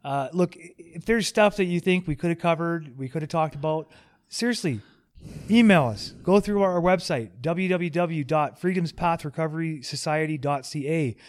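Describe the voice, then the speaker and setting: A man hosting a casual podcast, joking and rambling, quick to poke fun at himself. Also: on the high side. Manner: joking, rambling, self-deprecating. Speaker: podcast host.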